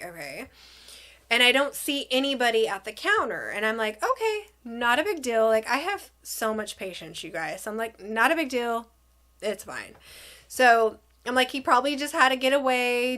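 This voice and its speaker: Woman, chatty storytime vlog, fairly high voice, animated retelling. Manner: chatty, animated, acts out quotes. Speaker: vlogger. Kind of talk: casual storytime chat.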